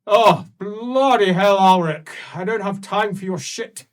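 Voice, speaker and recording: A man voicing an irritable, grieving middle-aged ruler who is blunt and crude, speaking loudly and gruffly. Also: medium pitch, expressive, measured pace. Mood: angry. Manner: loud, gruff and cursing.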